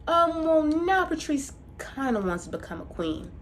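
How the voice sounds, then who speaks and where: A meek fisherman from a folk tale, hedging every request, as a woman storyteller puts him on. The voice is fairly high and lively in pitch. He sounds sheepish and unsure. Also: normal speed, slight background noise. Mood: hesitant. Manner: hesitant, hedging. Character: meek, hesitant fisherman husband.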